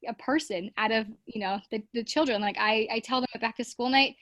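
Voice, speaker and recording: A woman teacher talks casually and at length, dotting her speech with fillers and acting out little voices from her class. Her voice sits fairly high. It is recorded dry and close, with no room around it. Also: fairly quick, a bit bright, no room sound. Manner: chatty, many fillers, acts out classroom voices. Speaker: teacher guest. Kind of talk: casual interview chat.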